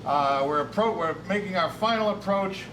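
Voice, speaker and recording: A man's voice: high voice, normal speed, far from the mic, noisy background. An older man giving a jokey, chatty narration of a small-plane flight over his town. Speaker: show segment narrator.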